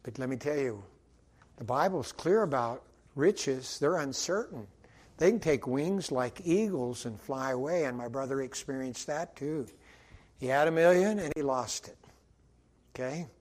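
A man preaching a sermon, acting out quotes and swinging from loud to quiet. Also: mid-range voice. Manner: animated, acts out quotes, rises and drops in volume.

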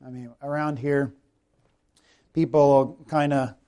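A man from South Carolina with a Southern accent, preaching a sermon that swings from emphatic scripture passages to relaxed personal storytelling. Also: mid-range voice, takes it slowly. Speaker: pastor.

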